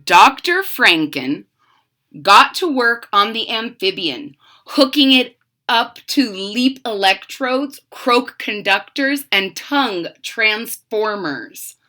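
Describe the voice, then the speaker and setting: A young woman reading a picture book aloud to children, acting out the words and stopping to explain what the pictures show. She speaks very slowly, with a lively rise and fall. Her tone is bright and sharp. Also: a little high. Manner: expressive storytelling with explanatory asides. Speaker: storybook reader.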